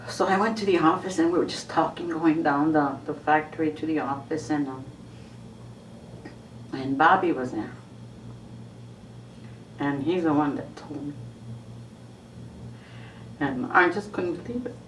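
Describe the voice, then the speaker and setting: A woman's voice: low voice, unhurried, pauses often. A woman hesitantly recalling hearing sad news in a documentary interview. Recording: roomy distant mic with faint hiss.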